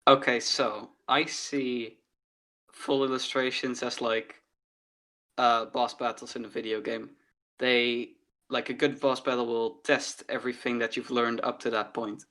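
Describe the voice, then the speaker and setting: A man's voice: mid-range voice, flat delivery, measured pace, bright, forceful tone. A man, co-hosting a casual art podcast and explaining ideas with analogies. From Netherlands. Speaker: podcast co-host, artist. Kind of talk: casual chat.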